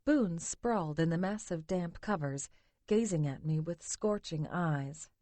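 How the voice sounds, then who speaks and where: A woman narrating a romance audiobook in the first person, measured and intimate. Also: lowish voice, warm tone, dry recording.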